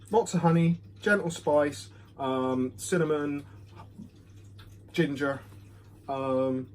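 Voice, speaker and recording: A man's voice: fairly high pitch, slow, a little mellow, a little hiss or hum. A man giving a casual, rambling whisky review at home. He is self-deprecating and fills his talk with ums, recorded on a phone. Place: home room. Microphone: phone camera.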